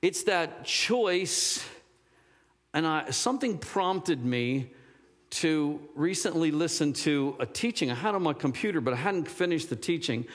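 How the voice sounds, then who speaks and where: A man's voice: fairly high pitch, lively intonation, measured pace. A man preaching a sermon, rambling and searching for words, then rising to emphatic fervor. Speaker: pastor. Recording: long hall reverb.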